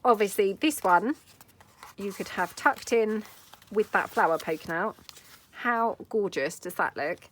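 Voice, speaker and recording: A woman's voice: mid-range voice, lively intonation, unhurried, a bit bright, slight background noise. A woman hosting a casual craft tutorial, rambling and chatty with lots of filler asides as she works at her craft table. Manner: rambling, full of "you know" fillers, friendly asides.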